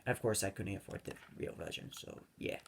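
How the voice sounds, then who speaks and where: A man's voice: fairly quick, a little hiss or hum. A young man hosting a gaming video, rambling off on tangents with many fillers. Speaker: gaming channel host. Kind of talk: rambling let's-play commentary.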